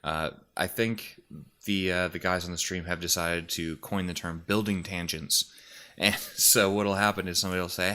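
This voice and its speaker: Very low-voiced man rambling casually. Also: normal speed, sharp tone. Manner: rambling, hesitant, many fillers and restarts. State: slightly out of breath, sniffly. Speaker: YouTuber and streamer. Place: room at home. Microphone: desk mic.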